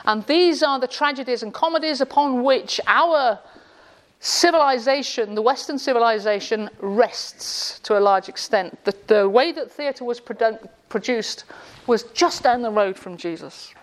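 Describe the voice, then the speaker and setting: A woman's voice: fairly high pitch, a little slow. A woman giving a classroom lecture with jokes, sarcastic and quizzing her audience in a room. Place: indoor room with a live audience.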